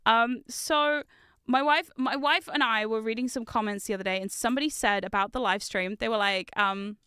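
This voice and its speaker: High, bright-voiced giggly woman streamer. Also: moderate pace, smooth, dry recording, clean studio sound. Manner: excitable and giggly, swears when frustrated. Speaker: VTuber streamer. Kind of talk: casual livestream chat while building Lego.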